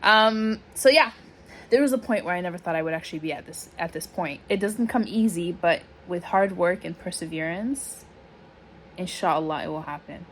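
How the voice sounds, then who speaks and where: Woman in her thirties, emotional and animated vlog chat, faint background hiss. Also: lowish voice, moderate pace. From Toronto, Canada. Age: 30s. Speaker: small business owner. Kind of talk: casual vlog talk.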